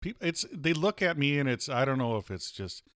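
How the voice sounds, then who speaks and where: A man's voice: medium pitch, very animated, a little fast, dry recording, studio quality. A man co-hosting a casual comedy podcast, joking in a mock-boastful, playful way. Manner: mock-boastful, playful, breaks into loud silly voices. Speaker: podcast co-host.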